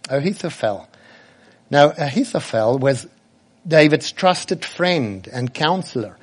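A man's voice: fairly high pitch, a little mellow. A man preaching a sermon earnestly, often turning to ask the children direct questions.

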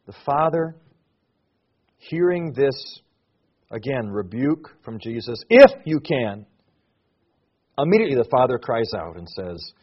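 A middle-aged male pastor preaching a sermon, rising to loud emphatic declarations and dropping to soft, hushed reflection. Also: medium pitch, sing-song, unhurried, pauses often, husky, dull audio.

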